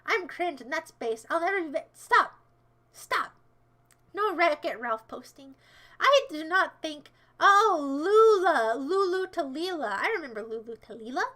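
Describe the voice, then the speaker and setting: A woman's voice: sits high, lively intonation, moderate pace. A woman livestreamer chatting casually with her viewers in a playful, rambling way, teasing and mock-defending herself. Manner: bursts into shouted mock-villain commands. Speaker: livestreamer answering chat.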